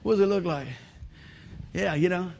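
A man's voice: high voice, moderate pace, gravelly, a little mellow, highs cut off, a little hiss or hum. A male pastor, telling a funny story in a sermon, laughing often and acting out the voices.

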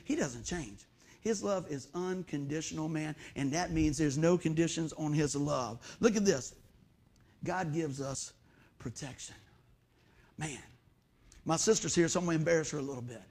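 A middle-aged man preaching a sermon to a congregation in a church, telling folksy stories and swinging between soft asides and loud bursts. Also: high-pitched. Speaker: pastor.

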